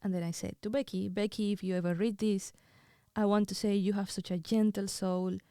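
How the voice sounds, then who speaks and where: A woman hosting her own show, crying as she reads her own writing in an emotional, halting, intimate way. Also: mid-range voice, level tone, dark tone, clean tone, dry recording, clean studio sound. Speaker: host.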